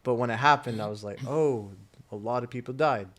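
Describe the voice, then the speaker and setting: A man's voice: mid-range voice, a little fast, a bit bright. A young man co-hosting a casual movie review chat, asking curious questions and reacting with laughs. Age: young adult.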